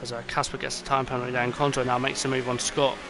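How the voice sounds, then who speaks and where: A tired young man calls an esports race, rambling through fillers and jumping up at each move. His voice sits at an ordinary middle pitch. Engine noise from the game runs clearly under his voice. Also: fast talker. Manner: excitable, rambling, many fillers. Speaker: race commentator. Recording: noisy, with game car sounds behind.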